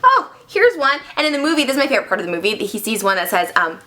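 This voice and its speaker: Bubbly woman, casual recap, bright and lively. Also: mid-range voice, racing. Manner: bubbly, acts out scenes. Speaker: vlogger.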